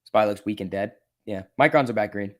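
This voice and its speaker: A man hosting a live stock trading stream, reading chat questions aloud and muttering about charts, then bursting out excitedly when prices move. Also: lowish voice, fairly quick. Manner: casual, swings from mutters to excited outbursts. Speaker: stock trading livestream host.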